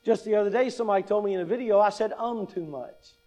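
A pastor in his fifties, speaking in a high-pitched, steady, dark-toned voice at a racing pace, gives a conversational teaching talk on public speaking. He often asks "right?" and adds wry humor.

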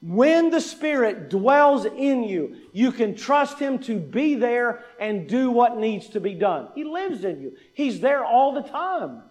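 A man's voice: very high voice, big pitch swings, slow, hardly any pauses. A male pastor preaching a sermon in a church, emphatic, asking rhetorical questions and repeating key points.

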